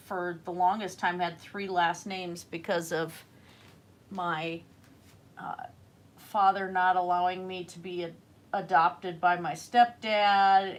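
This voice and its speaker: A woman chatting casually while painting on a livestream, rambling and answering viewer comments. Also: on the low side. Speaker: livestreaming artist.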